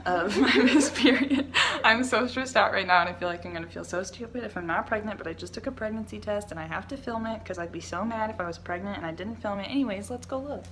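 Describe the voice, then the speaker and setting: A young woman telling a personal story on her vlog, animated and often laughing. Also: mid-range voice, fast, slight background noise, poor audio. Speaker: vlogger.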